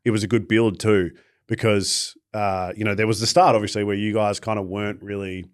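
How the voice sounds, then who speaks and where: A male podcast host chats loosely and drifts through his thoughts with plenty of fillers. His voice sits somewhat low. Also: level tone, brisk. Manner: rambling, with many fillers, trailing off. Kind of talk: casual interview chat.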